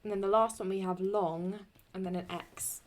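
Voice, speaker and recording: A young woman explaining Latin verse in a casual, halting way, often stopping to correct herself as she writes. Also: medium pitch, fairly even intonation. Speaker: Latin teacher.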